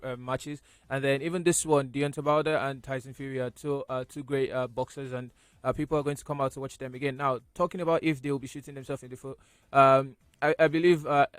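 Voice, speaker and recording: A man's voice: medium pitch, fairly even intonation, fast talker, smooth, dry recording. A man on a radio sports panel giving his view with many ums and restarts. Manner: hesitant, lots of ums and restarts. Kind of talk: casual sports talk.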